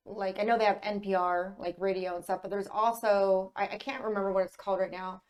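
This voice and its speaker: A woman's voice: mid-range voice, flat delivery, a little fast, a little mellow. A woman co-hosting a casual podcast chat, rambling through stories with plenty of fillers and frequent laughter. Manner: rambling storyteller, laughs often, lots of fillers. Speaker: podcast co-host.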